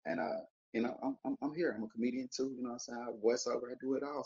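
A man's voice: mid-range voice, fairly even intonation, rapid-fire, a little mellow, husky. A man hosting a podcast, talking in a casual, slangy, rambling way, full of repeated fillers. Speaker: podcast host. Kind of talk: casual monologue. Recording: slightly muffled audio.

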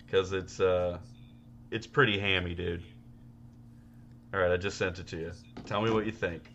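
A man's voice: low-pitched, fairly even intonation, unhurried, pauses often, bright, forceful tone, highs cut off, a little hiss or hum. A man co-hosting a podcast, telling rambling, profane stories in casual chat. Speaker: podcast co-host.

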